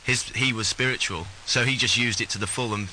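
Bright-voiced British actor guest. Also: male voice, fairly low pitch, fairly quick, rough recording. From Britain. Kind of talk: casual chat. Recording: light hiss.

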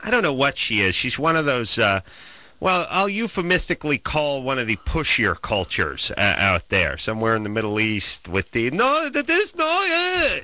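A man hosting a casual chat, telling stories in an animated, ranting way. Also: mid-range voice, normal speed, no echo.

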